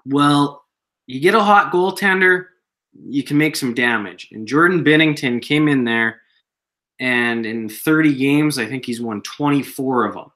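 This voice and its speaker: A man's voice: mid-range voice, a little slow, pushed and bright. A man co-hosting a casual sports podcast, talking in a conversational way as he recounts his own earlier opinions. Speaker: podcast co-host.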